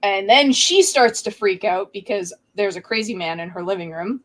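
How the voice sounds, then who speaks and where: A woman chats casually on a podcast, walking through a movie scene by scene. Her voice sits at an ordinary middle pitch. She keeps it loose and conversational, dropping into the characters' lines as she goes. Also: moderate pace, rough recording. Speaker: podcast co-host. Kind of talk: casual movie recap chat.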